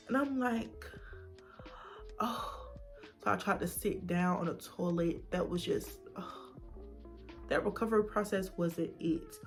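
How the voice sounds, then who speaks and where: A woman's voice: medium pitch, gravelly. Woman telling a hard personal story. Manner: casual and animated, acts out voices in quotes. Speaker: vlogger.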